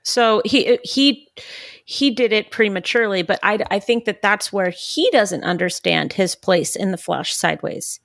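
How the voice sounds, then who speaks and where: A woman's voice: medium pitch, measured pace, gravelly, fairly bright tone, dry recording, clean studio sound. A woman co-hosting a podcast, giving blunt, opinionated takes in casual chat about a TV episode. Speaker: podcast co-host. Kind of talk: casual TV show discussion.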